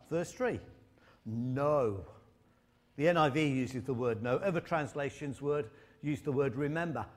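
Preacher with an emphatic, storytelling delivery. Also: male voice, fairly high pitch. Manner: storytelling with humor and emphatic repetition. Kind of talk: sermon.

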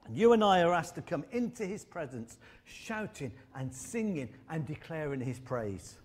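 Male preacher, slightly high voice, storytelling sermon with punchy repetition. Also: very animated, normal speed, husky. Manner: storytelling with humor and emphatic repetition.

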